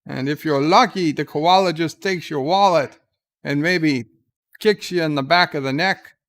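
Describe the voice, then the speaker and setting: A man's voice: fairly high pitch, unhurried, a bit bright. A man voicing a rambling outback Australian storyteller, spinning tall tales in an exaggerated mock Australian accent.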